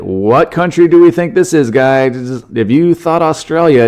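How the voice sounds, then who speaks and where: A man's voice: mid-range voice, expressive, normal speed, hardly any pauses, darkish tone. A man hosting a solo comedy podcast, rambling and joking through news stories and swearing freely. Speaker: podcast host.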